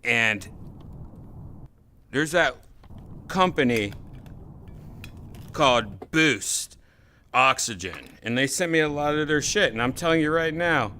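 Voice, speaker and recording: A man's voice: medium pitch, slow pace, pauses often, bright, forceful tone, a little hiss or hum. A man hosting a podcast, in loose casual chat with rambling, laughing riffs. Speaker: podcast host.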